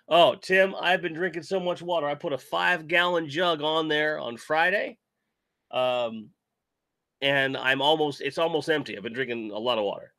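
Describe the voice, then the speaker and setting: A man hosts a laid-back toy-collecting stream in a voice still sick as he gets over covid, meandering and self-mocking as he reads chat aloud. He speaks at normal speed in a highish, bright, forceful voice, with studio-quality audio and no echo.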